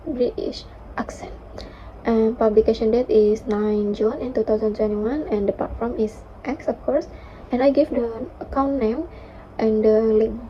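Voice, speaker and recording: A young woman reads her class presentation slowly and with care, often restarting her words and filling pauses. Her voice sits a little high but sounds dark and mellow. The recording is dull and lo-fi, with a faint hiss behind her. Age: young adult. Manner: careful, halting reading with restarts and fillers. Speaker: student presenter.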